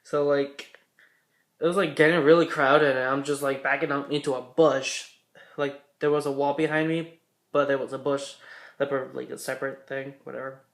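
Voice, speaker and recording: A man's voice: medium pitch, little pitch movement, moderate pace, vocal fry, roomy sound. A young man vlogger telling a story casually, rambling and correcting himself, swearing now and then.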